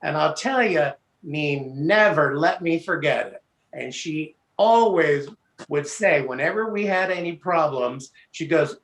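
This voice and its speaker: A middle-aged man telling a casual personal tribute story on a video call, halting with fillers and restarts. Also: on the high side, lively intonation, fairly bright tone, echoey room. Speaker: guest sharing a memorial tribute.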